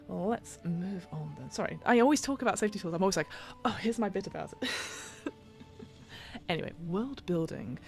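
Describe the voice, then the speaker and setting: A woman's voice: lowish voice, creaky. A British woman hosting a podcast, reading a game rulebook aloud and breaking off into rambling, self-interrupting asides. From United Kingdom. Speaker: podcast host and game master.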